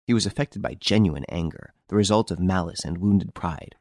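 A man narrating a classic novel as an audiobook, in a measured, formal storytelling manner. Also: deep voice, darkish tone, dry recording, studio quality. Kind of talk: scripted narration.

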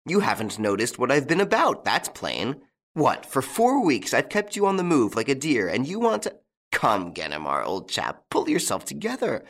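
A man voicing a mocking, playful gentleman thief in an audiobook, teasing and taunting with big swings in pitch. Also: wildly swooping pitch, moderate pace, vocal fry, full character voice. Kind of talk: audiobook character reading.

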